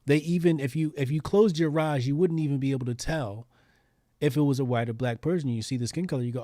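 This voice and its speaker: A man's voice: mid-range voice, fairly even intonation, fast, mellow, dry recording, clean studio sound. A man hosting a casual talk show, speaking in an emphatic, provocative, slangy way. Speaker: host. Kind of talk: casual commentary chat.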